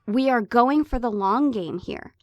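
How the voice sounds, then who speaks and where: A woman's voice: fairly high pitch, lively intonation, measured pace, no room sound, highs cut off. A woman in her thirties co-hosting a parenting podcast, talking in an impassioned, emphatic way as she pleads with parents. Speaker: podcast co-host, hypnotherapist. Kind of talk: casual podcast chat.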